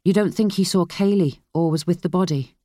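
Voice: medium pitch, a little fast, dark tone, dry recording, clean studio sound, close to an everyday voice. A reader voicing a male detective with an urgent, clipped way of asking, in a storybook narration. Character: man detective, tense and pressing.

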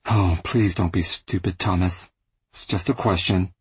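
A man's voice: sits low, fairly even intonation, measured pace, husky, no echo, heavily acted. A man voicing an exasperated adult woman in an audiobook, subdued and sarcastic. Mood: weary. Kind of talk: audiobook character voice.

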